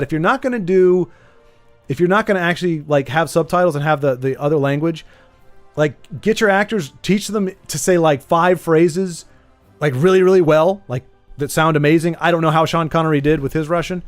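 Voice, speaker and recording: A man's voice: a little high, no echo. A man streaming a card game live, chatting casually, rambling and joking about himself while answering his chat. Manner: rambling, playful, self-deprecating, answers chat.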